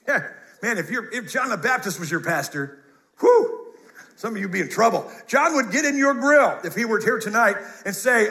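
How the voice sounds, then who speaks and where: A male pastor preaches in church, quick with jokes and direct commands to his listeners. His voice sits high for a man and rings bright and forceful. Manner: animated, jokey, commands the congregation. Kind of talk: sermon.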